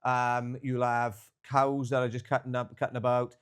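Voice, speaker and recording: A young man co-hosting a podcast, his voice sitting at a middling pitch. He tells long, rambling travel stories in a loose, casual way, full of fillers and swearing. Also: little pitch movement, moderate pace, clear, resonant tone. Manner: rambling storyteller, swears freely, filler-heavy. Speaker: podcast co-host. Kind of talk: casual chat.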